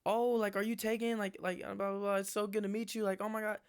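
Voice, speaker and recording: A man's voice: high voice, little pitch movement, fast, clean tone, voice pushed up. A man voicing a giddy, overexcited young girl who gushes in breathless chatter. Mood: gushing.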